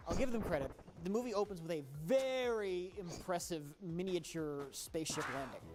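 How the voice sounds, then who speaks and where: A man's voice: sits high, normal speed. A man co-hosting a podcast, reviewing a movie in casual chat with dry, matter-of-fact quips. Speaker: podcast co-host. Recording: hissy podcast audio.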